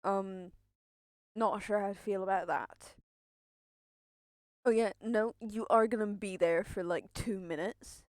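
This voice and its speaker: A young woman talks to her stream in a slow, unhurried drawl, yet she sounds jittery and a little out of breath, circling back over the same words and swearing as she goes. The sound is dry and close, with no room around her. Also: medium pitch, steady tone, dry recording. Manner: rambling, nervous, swears and repeats herself. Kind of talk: casual live-stream chat.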